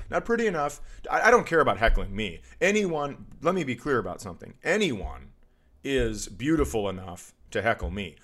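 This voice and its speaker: A man hosting a podcast, telling a crude, animated story about a rough comedy show and mocking hecklers in put-on voices. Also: mid-range voice. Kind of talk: casual storytelling chat.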